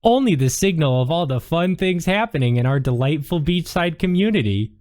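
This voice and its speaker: A man voicing a sweet-looking, overly cheerful woman librarian who slips in dark jokes. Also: a little high, animated, brisk, voice pushed up, lightly acted. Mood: chirpy. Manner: chirpy, overly cheerful with a dark joking streak.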